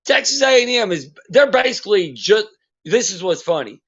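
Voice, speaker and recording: A man's voice: sits high, big pitch swings, normal speed, a bit bright, breathy edge. A man hosting a podcast, giving a blunt, profane sports rant in casual talk. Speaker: podcast host. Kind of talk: casual ranting monologue. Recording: dull lo-fi sound.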